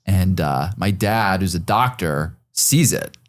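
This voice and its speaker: A man in his forties talks as a podcast guest in a deep, low register. He rambles through his story with lots of fillers and the odd curse. The sound is close and dry, with no room echo. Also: lively intonation, slow pace. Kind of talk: casual storytelling.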